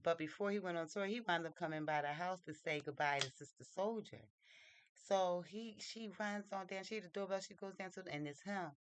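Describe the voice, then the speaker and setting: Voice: mid-range voice, brisk, noisy background. Slangy, casual book-review storyteller. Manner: loose, slangy storytelling with many fillers. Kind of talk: casual plot retelling.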